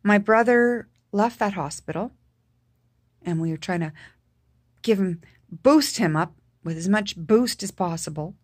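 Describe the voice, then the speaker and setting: A Canadian woman vlogger tells a personal family story haltingly and emotionally, full of fillers and restarts, her voice dropping quiet at the hardest parts. Her voice sits mid-range, recorded at studio quality with no echo.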